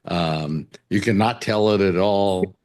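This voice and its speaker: A man's voice: low voice, slow, darkish tone. A man hosting a talk show, telling jokes and rambling stories in casual chat. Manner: rambling storyteller, breaks into sung and acted voices. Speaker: radio talk show host.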